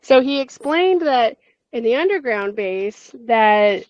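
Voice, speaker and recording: Brief: higher-voiced woman, casual talker who restarts a lot, dry lo-fi call audio. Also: lively intonation, slow, no room sound. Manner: chatty, many fillers and restarts, laughs between lines. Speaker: interview guest. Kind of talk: casual spoken storytelling. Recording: dull lo-fi, dry.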